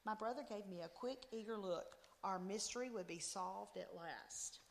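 A woman reading a story aloud with expressive storytelling. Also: mid-range voice, normal speed, gravelly, slight background noise. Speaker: story reader. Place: church. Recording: long reverb in a church.

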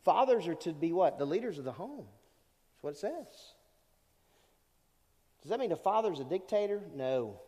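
A pastor in his fifties preaching a sermon to a congregation, animated and asking the listeners rhetorical questions. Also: a little high, in a large hall. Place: church service in a large hall.

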